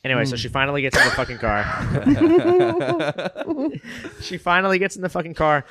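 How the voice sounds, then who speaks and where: A man's voice: a little high, huge pitch swings, moderate pace, a loud crowd. A man telling a rambling story on a casual comedy podcast, peppered with "like" and swearing.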